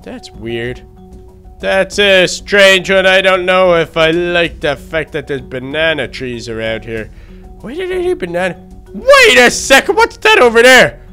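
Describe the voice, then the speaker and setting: A man voicing a timid, excitable young male baby duck in a game role-play, gasping and easily frightened. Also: sits high, a little slow, soft background music, exaggerated voice. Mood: scared. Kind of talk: Minecraft role-play narration.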